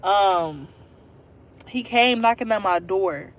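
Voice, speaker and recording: A woman's voice: mid-range voice, animated, takes it slowly. Chatty young woman telling a story live. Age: 20s. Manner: chatty, talks straight to viewers. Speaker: livestream host. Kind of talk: casual livestream storytelling.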